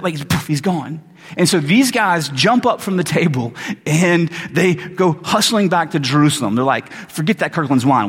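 A pastor delivers a sermon, retelling the story loosely and jokingly with casual asides. His voice sits high with a breathy edge, and the recording carries a long hall reverb.

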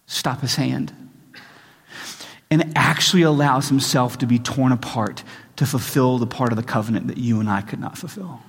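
Reading scripture with mounting intensity, this earnest pastor frequently restarts his lines during a sermon. The voice is husky and medium in pitch, and the large hall gives it a long reverb.

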